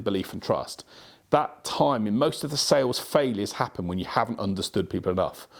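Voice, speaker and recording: A man's voice: on the low side, a little mellow. A man hosting a solo podcast, giving advice in a rambling way with many restarts and repeated words. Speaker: podcast host.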